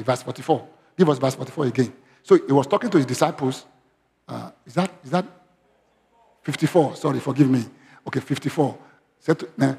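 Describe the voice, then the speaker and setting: A male pastor, preaching a sermon in church and often asking the congregation questions. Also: a little high. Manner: interactive, asks congregation questions; animated, raising voice when quoting. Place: church hall. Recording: long hall reverb.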